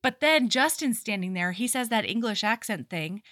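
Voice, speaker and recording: A woman with a bright, somewhat high voice, chatting casually as a podcast co-host. She retells a story with animation, dropping into characters' lines as she goes. The sound is close and dry. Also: animated, moderate pace, dry recording. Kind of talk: casual book-club chat.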